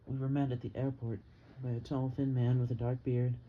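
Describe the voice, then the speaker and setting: A man reading an audiobook novel in a calm, measured narration. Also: mid-range voice. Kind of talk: scripted narration. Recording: dull, slightly muffled with faint hiss.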